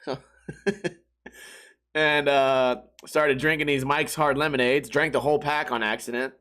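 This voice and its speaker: A man's voice: mid-range voice, fairly even intonation, unhurried, fairly bright tone. A man hosting a solo podcast, telling rambling profane stories and slipping into mock voices. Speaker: podcast host. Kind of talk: casual solo rant.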